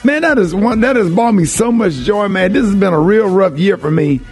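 Older man, radio host, high-pitched, emphatic, repetitive, faint music underneath. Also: expressive, normal speed, darkish tone. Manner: emphatic and preachy, repeats phrases for emphasis. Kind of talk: impassioned morning-show monologue.

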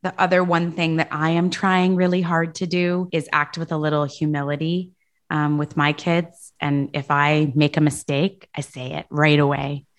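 Thirtysomething woman on a podcast, lowish voice, earnest, keeps saying right?. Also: flat delivery, moderate pace. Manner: earnest, tags statements with "right?". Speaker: podcast guest, leadership consultant. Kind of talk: casual podcast conversation.

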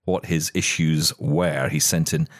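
A man's voice: extremely low pitch, fairly even intonation, unhurried, dry recording, studio quality. A middle-aged man co-hosting a tech podcast in casual, jokey chat, reading listener messages aloud. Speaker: podcast co-host.

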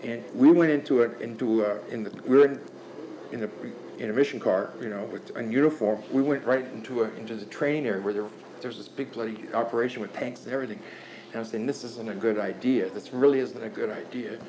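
An older man telling stories in casual talk, animated and profane, often restarting his sentences. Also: medium pitch, quick pace, a little hiss or hum, rough recording. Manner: animated, profane, laughing storyteller with many restarts. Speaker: guest storyteller.

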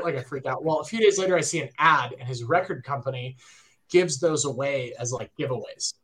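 A man in his thirties, a guitarist, telling a story in casual chat, animated and excitable, full of "like" and "right?". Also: medium pitch, a little fast.

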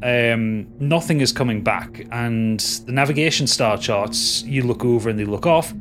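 Halting game master. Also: male voice, medium pitch, over music. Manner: halting, full of restarts and fillers. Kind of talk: narrating a tabletop game.

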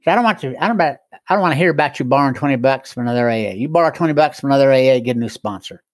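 A man voicing his gruff older male sponsor, who gives curt, matter-of-fact orders in a mid-pitched voice. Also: animated, racing, no echo, clean studio sound, natural voice. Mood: blunt.

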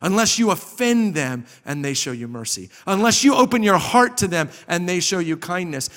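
A man preaching a sermon as pastor, impassioned, swinging from loud emphasis to a soft hush. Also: high voice, very animated, brisk, hardly any pauses. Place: church sanctuary. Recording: long hall reverb.

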